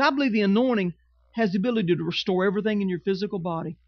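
A man's voice: sits high, dry recording, lo-fi sound. A man preaching a sermon with emphatic, repetitive phrasing and humorous asides. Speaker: pastor.

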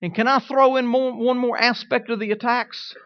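A middle-aged man preaching a sermon, telling humorous stories with lively rising emphasis. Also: extremely high pitch, moderate pace, no room sound, highs cut off.

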